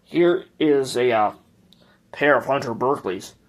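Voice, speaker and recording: A man's voice: mid-range voice, measured pace, slight background noise. A man hosting a casual tour of his ceiling fan collection, speaking in a hesitant, rambling way with frequent restarts.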